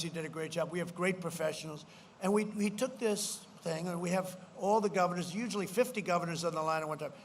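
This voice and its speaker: A man giving a campaign rally speech at a podium microphone. He rambles and repeats himself, mimics his opponents mockingly, and breaks into shouted punchlines. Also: a little high, a little hiss or hum. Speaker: politician addressing a rally. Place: large political rally.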